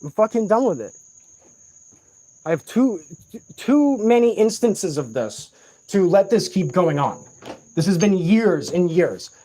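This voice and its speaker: A man's voice: high voice, very animated, unhurried, pauses often, mellow. Profane, agitated man ranting at night. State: sleep-deprived. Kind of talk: angry late-night rant to camera. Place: room in a shared home at night.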